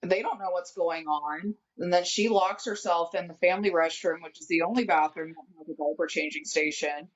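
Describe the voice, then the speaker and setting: A woman with a lowish voice tells a long story in casual podcast chat. She is animated and acts out what people said. The sound is dull and lo-fi. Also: moderate pace, hardly any pauses. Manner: animated, acts out quotes while telling a story. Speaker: guest friend.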